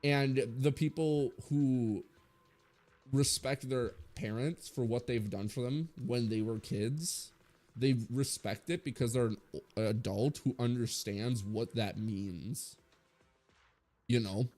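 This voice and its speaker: A man's voice: mid-range voice, slow pace, mellow, faint music behind. Blunt, profane young man ranting. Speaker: streamer. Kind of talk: casual opinion rant.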